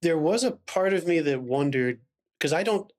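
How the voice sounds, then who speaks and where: Hedging man, slightly high voice. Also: animated, normal speed, darkish tone. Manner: tentative, hedging, thinking aloud. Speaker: podcast co-host. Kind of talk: casual chat.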